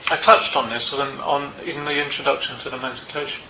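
An older man, a meditation teacher, tells a personal story to a group in a Buddhist centre, in a reflective and unhurried way with small asides. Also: mid-range voice, level tone, noisy background. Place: Buddhist centre meeting room. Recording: roomy, slightly dull hall recording.

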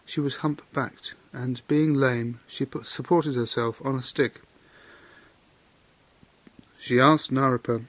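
A man's voice: medium pitch, fairly even intonation, no room sound. Man telling a Buddhist legend. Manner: measured storytelling with moral comment. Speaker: Buddhist teacher. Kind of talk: Dharma talk retelling a legend.

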